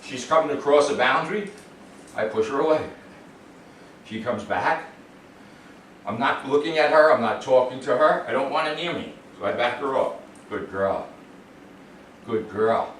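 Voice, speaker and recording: A man working as a dog trainer, explaining calmly to the owners and giving a dog short, upbeat praise during a demonstration. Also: medium pitch. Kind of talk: instructional demonstration. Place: indoors in a home. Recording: roomy, distant sound with faint noise.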